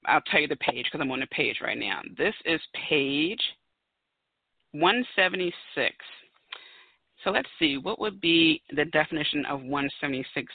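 A woman's voice: sits low, animated, moderate pace, no echo. A woman in her thirties hosting a solo podcast, talking in a chatty, emphatic way and pressing her points home. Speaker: podcast host. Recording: tinny phone-like dry audio.

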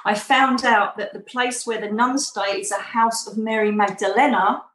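A woman's voice: on the high side, fairly even intonation, moderate pace, fairly bright tone, reverberant, rough recording. A woman being interviewed, telling a personal story in a chatty way and acting out the dialogue. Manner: chatty, acts out quoted dialogue. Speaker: interview guest.

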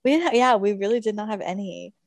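A woman's voice: mid-range voice, quick pace, gravelly, no echo. Easygoing young woman podcast co-host. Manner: easygoing, laughs often, reminiscing. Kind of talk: casual chat.

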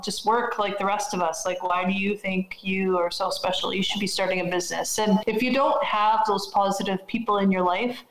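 A woman's voice: mid-range voice, echoey room, rough recording. A woman giving encouraging advice about starting a business in a casual podcast chat.

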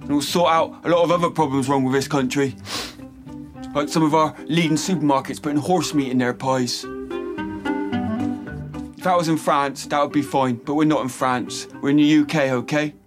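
A man's voice: on the high side, fairly even intonation, normal speed, close to an everyday voice. An actor playing an opinionated young man in a sitcom, ranting bluntly. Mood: indignant. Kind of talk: sitcom acting. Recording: sitcom clip with guitar music. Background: guitar music.

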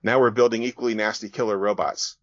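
A restless young woman robot pilot, bold and teasing, as a man reads her aloud. Her voice sits a little higher than his usual tone, and the recording is dull and dry. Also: fairly even intonation, fast talker, dry recording, natural voice.

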